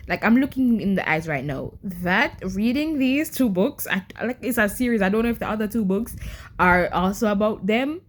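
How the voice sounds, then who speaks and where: A young adult woman talking casually to camera in a reading vlog, exasperated, often stammering and repeating herself and firing rhetorical questions at her viewers. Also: fairly high pitch. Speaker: book vlogger.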